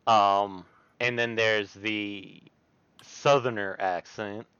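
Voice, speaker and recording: A man with a faint Southern drawl speaks slowly and hesitantly in a casual panel chat. His voice comes through a dull, lo-fi mic in a dry, close recording. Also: on the low side, steady tone, bright, forceful tone, clean tone, no echo. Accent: slight Southern drawl. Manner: unhurried, hesitant, with fillers. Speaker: podcast co-host.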